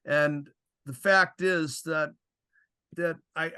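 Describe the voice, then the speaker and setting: Slow, clean and on the high side, the voice belongs to an older ex-referee sharing stories on a laid-back podcast. He animates each tale by acting out the exchanges, with frequent chuckles.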